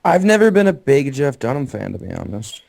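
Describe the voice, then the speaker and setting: A young man co-hosting a casual podcast chat, wry and teasing, quick to correct grammar. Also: medium pitch, sing-song, vocal fry, darkish tone. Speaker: podcast co-host.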